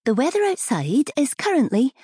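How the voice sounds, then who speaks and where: A woman's voice: high voice, wildly swooping pitch, moderate pace, warm tone, husky, dry recording, clean studio sound, pitched above the performer's own voice, exaggerated voice. A woman voicing a female flight attendant making a cheery sing-song cabin announcement. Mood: cheery announcing.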